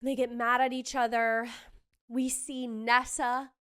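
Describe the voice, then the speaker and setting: An excitable woman hosts a casual podcast chat, gushing with quick asides. Her voice sits a little high and comes across smooth and clean. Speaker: podcast host. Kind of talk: casual chat recapping a trailer.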